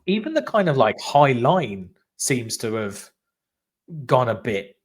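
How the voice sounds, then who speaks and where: Guy hosting a football podcast, talks in long excited run-on bursts over a video call. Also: mid-range voice, slow. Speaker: podcast host. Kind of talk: casual football chat.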